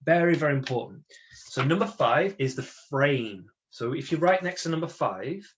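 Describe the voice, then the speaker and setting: Energetic man leading a webinar. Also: fairly high pitch, normal speed, highs cut off, a little hiss or hum. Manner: energetic, chatty, checks in with listeners with tag questions. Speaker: motivational webinar presenter. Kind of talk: lively talk to an online audience.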